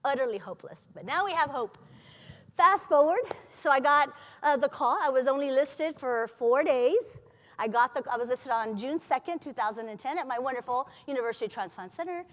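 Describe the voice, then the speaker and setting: A woman with a fairly high voice tells her personal story to a conference audience, candid and lively, with flashes of humor. Her voice rings with the long reverb of a large hall. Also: fairly quick. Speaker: patient advocate speaker.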